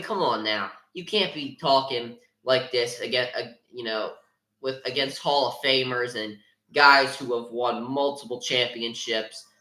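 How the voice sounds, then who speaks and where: Young male podcast host, bright edgy tone, opinionated, roomy echo. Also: medium pitch. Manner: opinionated, many filler ums and restarts. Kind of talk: casual sports talk.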